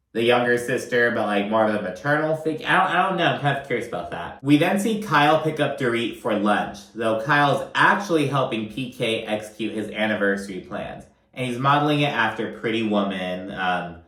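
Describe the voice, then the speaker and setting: A man's voice: medium pitch, fairly bright tone, roomy sound. A man casually recapping a reality show, chatty and loose, with lots of fillers and frequent swearing. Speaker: recap commentator.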